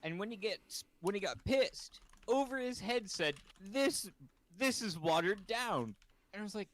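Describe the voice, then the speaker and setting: Bright, lively-voiced man telling stories. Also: sits high, unhurried. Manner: rambling storytelling, laughs often, swears. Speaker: host. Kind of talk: casual chat.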